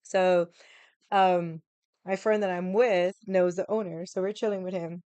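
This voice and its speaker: A woman's voice: on the low side, steady tone, unhurried, warm tone, clean tone, dry recording, dull audio. A woman telling a story at home, blunt, profane and heated. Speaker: vlogger. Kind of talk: casual storytelling. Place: home room with the AC running.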